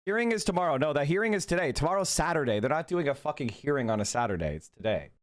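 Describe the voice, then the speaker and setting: A man's voice: a little high, expressive, quick pace. A man hosting a casual livestream, mocking and swearing as he reacts to chat. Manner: profane, mocking, reads chat aloud. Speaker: livestream host. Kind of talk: casual political livestream commentary.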